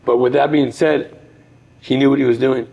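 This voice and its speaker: Podcast guest, middle-aged man, gravelly voice, earnest and reflective storyteller. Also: medium pitch, steady tone, normal speed, darkish tone, highs cut off. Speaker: podcast guest, former boxer. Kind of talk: personal storytelling in conversation.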